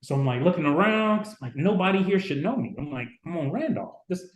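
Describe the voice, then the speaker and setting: Guest, man in his 40s, from Chicago, lively storyteller, slightly high voice, echoey room. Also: brisk. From Chicago, USA. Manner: lively anecdote-telling, acting out quoted people. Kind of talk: casual storytelling interview. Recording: roomy echo.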